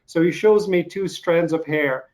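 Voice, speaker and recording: A man's voice: on the high side, a little slow, slight background noise. Man with a light Russian accent. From eastern Ukraine. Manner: relaxed storyteller, chuckling asides. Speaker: podcast host. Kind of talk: casual interview chat.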